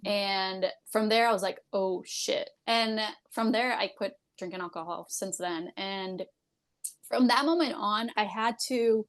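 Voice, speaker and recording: A woman who works as a dental hygienist, a guest on a podcast interview. She tells candid stories in a loud, giggly way, laughs often and swears casually. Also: mid-range voice.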